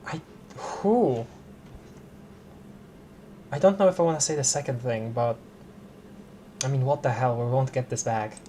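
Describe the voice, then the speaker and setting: A man streaming a narrative game, reading dialogue aloud with puzzled, halting remarks. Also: mid-range voice, mellow, slight background noise. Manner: puzzled, reads dialogue choices aloud, many restarts.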